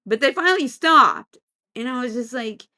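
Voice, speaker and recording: Middle-aged woman guest, lively pitch, higher voice, unhurried chatty anecdote. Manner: animated storyteller, laughs often. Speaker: psychic medium guest. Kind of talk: casual anecdote in an interview.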